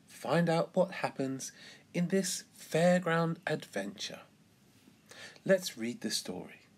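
A man, an English teacher, reading a children's storybook aloud in an expressive, careful way. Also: a little high, takes it slowly.

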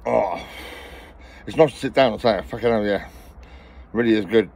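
A man's voice: fairly low pitch, moderate pace, creaky, darkish tone, husky. A middle-aged man from England, out of breath, rambling and swearing constantly in a personal vlog. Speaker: vlogger.

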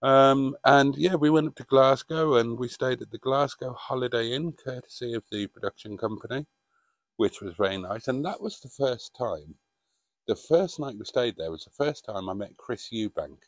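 A man's voice: medium pitch, expressive, moderate pace, dry recording. A middle-aged man reminiscing in a casual vlog monologue, rambling and hesitant with frequent ums. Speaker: vlogger.

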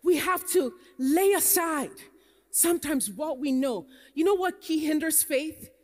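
High-voiced woman preaching in a reverberant hall. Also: a little slow, a little mellow. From Nigerian American. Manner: storytelling, rising to emphatic preaching. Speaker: pastor. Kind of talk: sermon. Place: conference hall.

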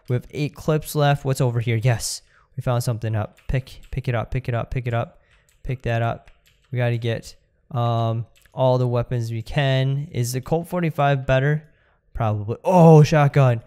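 A young man hosting a casual let's-play, talking straight to his viewers with excitable energy. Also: mid-range voice, clean tone. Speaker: gaming video host.

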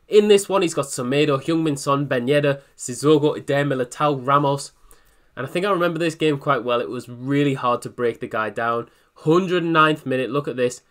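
A young man giving a voice-over commentary on his own football video game matches, excitable and quick to criticize himself, with disbelieving outbursts. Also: mid-range voice. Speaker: gaming YouTuber.

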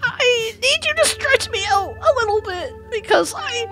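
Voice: very high voice, animated, unhurried, loud music behind the voice, heavily acted. A performer voicing a clingy pet creature that whimpers and pleads to its owner. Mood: tearful.

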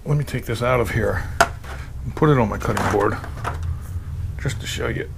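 Excited man tasting his barbecue. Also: mid-range voice, normal speed, creaky, very noisy. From Pennsylvania. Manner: enthusiastic, tasting and reacting with pleased murmurs. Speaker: cooking video host. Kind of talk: casual cooking vlog.

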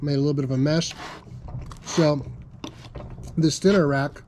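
A man's voice: a little high, steady tone, measured pace, a little mellow, a little hiss or hum. A man hosting a barbecue channel, tasting ribs and raving about them in a casual demonstration, sometimes with his mouth full. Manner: enthusiastic, tasting food while talking. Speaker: BBQ channel host.

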